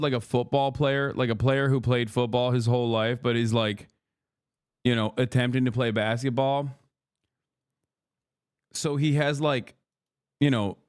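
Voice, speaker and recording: Male streamer, casual reaction talk, profane and animated, dry close mic, mid-pitched. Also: smooth, dry recording. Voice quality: profane, animated, mimics friends.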